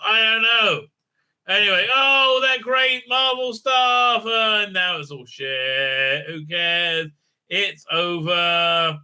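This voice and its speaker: Man, very bright tone, somewhat high voice, sarcastic, rambling review chat, lots of fillers. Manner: digressive, sarcastic, many filler sounds. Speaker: YouTube reviewer. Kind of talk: rambling casual recap and review.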